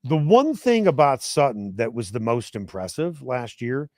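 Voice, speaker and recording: A man from Chicago hosting a sports talk show, explaining points in a measured way and asking pointed questions. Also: mid-range voice, sing-song, a little mellow, dry recording, clean studio sound. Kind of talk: sports talk radio chat.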